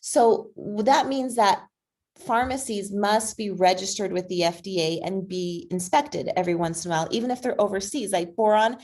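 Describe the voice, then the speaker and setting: A woman speaking as a guest on a video call, persuasive and energetic, with frequent fillers. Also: mid-range voice, moderate pace. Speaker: guest speaker, advocacy group president. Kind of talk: conversational online talk.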